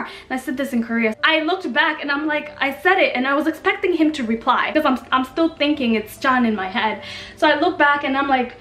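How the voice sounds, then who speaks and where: A young woman from Kenya telling a story in a casual, animated, slangy and self-mocking way. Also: high-pitched, fairly quick. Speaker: vlogger. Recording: echoey room with faint music.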